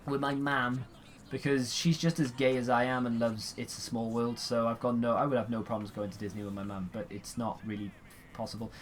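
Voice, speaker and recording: A young man talks through a game stream in a loose, rambling way, answering questions with dry sarcasm and the odd yawn. His voice sits at a middle pitch, and a faint hum of noise runs under it. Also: little pitch movement, fairly quick. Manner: rambling, sarcastic, yawning, swears freely. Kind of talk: casual chat while playing a game.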